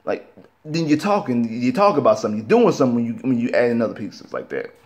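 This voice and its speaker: A man's voice: mid-range voice, quick pace. Young male sports vlogger, heated casual rant, repetitive and slangy. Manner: animated, repetitive, frustrated, slangy.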